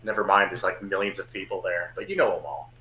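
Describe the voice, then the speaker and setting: A man talking casually and excitedly on a podcast, rambling with lots of restarts. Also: deep voice, fast talker, roomy sound, poor audio.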